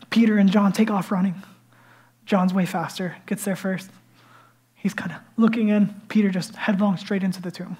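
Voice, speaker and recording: A man preaching a sermon as pastor, retelling a story in an animated, conversational way. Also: sits high, moderate pace, slightly rough. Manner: animated storytelling, swinging between hushed and loud.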